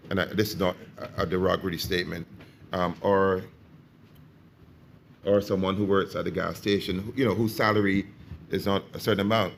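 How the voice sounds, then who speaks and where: A man's voice: low voice, vocal fry, slight background noise. A man in his sixties chairing a public consultation, speaking hesitantly with many repeated words and ums. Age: 60s. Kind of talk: public meeting discussion.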